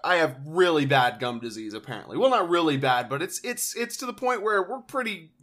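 A woman's voice: low-pitched, big pitch swings, a little fast, a bit bright. A young woman in her twenties, chatting on a podcast in a blunt, joking way. She swears casually and speaks with an easy, offhand manner. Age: 20s. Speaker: podcast co-host. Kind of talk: casual chat.

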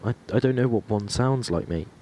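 A young man fires off sweary, jokey retorts in casual podcast chat. His voice sits fairly low, with a faint hum underneath. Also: moderate pace, warm tone. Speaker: podcast co-host.

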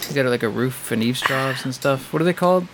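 A man's voice: medium pitch, fast talker. Male co-host, casual home podcast, sarcastic, rambling, light background noise. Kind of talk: casual banter. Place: living room at home. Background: fan running.

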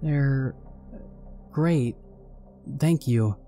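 A man's voice: fairly high pitch, animated, a little slow, warm tone, faint music behind, pitched above the performer's own voice. A man voicing a young wife who hides her disappointment, speaking hesitantly and awkwardly reassuring.

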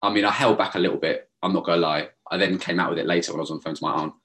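A young man rattles through a story at speed, his voice sitting very low. He talks animatedly and swears freely, slipping into other people's voices when he quotes them, in a casual podcast chat. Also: fairly even intonation, very fast, a bit bright. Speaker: podcast co-host.

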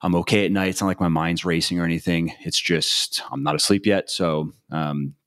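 A man hosting a podcast, talking in a relaxed, hesitant way with many fillers. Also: deep voice, fairly quick, no echo, clean studio sound. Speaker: podcast host. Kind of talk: podcast conversation.

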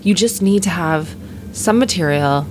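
A woman's voice: fairly low pitch, unhurried, background noise. A woman comedian in a casual podcast chat, opinionated, often laughing and acting out other people's lines. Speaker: comedian guest.

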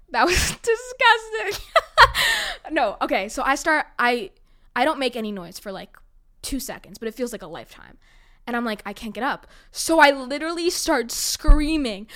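In a fairly high, fairly bright and clean voice, a young woman from New York tells her own stories in a casual monologue. She's chatty and dramatic, laughs frequently, and fills her speech with "like."

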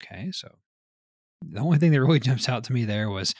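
A man's voice: mid-range voice, lively intonation, fairly quick, a little mellow, no echo, clean studio sound. A man co-hosting a casual gaming podcast, reading news items and riffing with loose, profane chatter. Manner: reads news items then riffs loosely, swears often.

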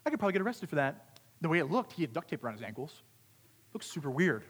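A young man telling a self-mocking story to a youth group, his voice sitting a bit high. He talks with lively swings between loud and hushed. A long reverb from a large hall trails behind him. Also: fast, slightly rough. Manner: animated, self-deprecating storyteller. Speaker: youth camp speaker.

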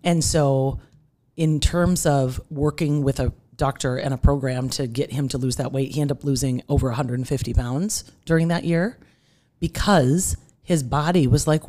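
A woman's voice: a bass voice, moderate pace. A middle-aged woman, a nutrition therapist, explaining energetically as a podcast guest. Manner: energetic, explanatory, acts out the body's voice in quotes. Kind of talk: podcast interview.

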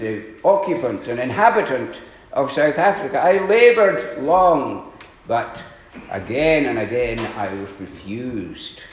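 A male preacher delivers his sermon at a slow, measured pace, leaning into pointed questions and then sinking to a hushed tone. His voice rings through a roomy, echoing church hall. He clears his throat now and then between phrases. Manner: earnest preaching, rising to emphatic questions and dropping low; frequent throat clearing and filler pauses.

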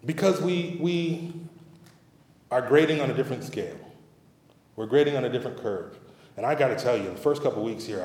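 A man's voice: medium pitch, a little fast, long pauses, darkish tone. A middle-aged man preaching a sermon as pastor, in a conversational, humorous and emphatic manner, in a church sanctuary. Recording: roomy hall reverb.

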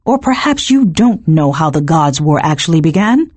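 A woman puts on a coldly measured male cult leader who clips his words for an audiobook. The voice is low, husky and dry. His pitch moves a lot while he lays out his zealous reasoning. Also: very animated, a little mellow, no echo, exaggerated voice. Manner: coldly measured, slightly clipped.

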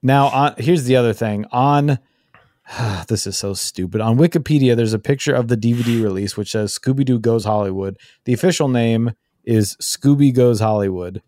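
A man's voice: medium pitch, normal speed, dark tone, no room sound, clean studio sound. A man co-hosting a casual comedy podcast, joking and slipping into silly voices. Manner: jokey, slips into silly voices. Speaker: podcast co-host.

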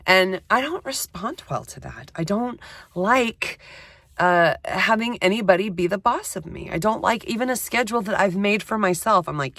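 Casting: chatty woman podcast host, low voice, dry close sound, recorded on a phone in a closet. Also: animated, measured pace, a bit bright, dry recording. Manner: chatty, self-deprecating, lots of fillers. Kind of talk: casual solo podcast talk. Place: small closet.

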